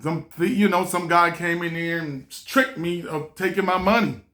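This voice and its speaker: Bright-voiced man telling a lively story. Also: sits high, moderate pace. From small town in the US. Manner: animated, laughing, acts out voices in his story. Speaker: vlogger. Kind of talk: casual storytelling to camera.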